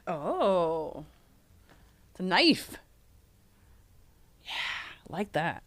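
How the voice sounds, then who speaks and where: A woman hosting a casual unboxing livestream, excited and laughing often. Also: on the low side, drawn-out words, pauses often. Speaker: livestream host.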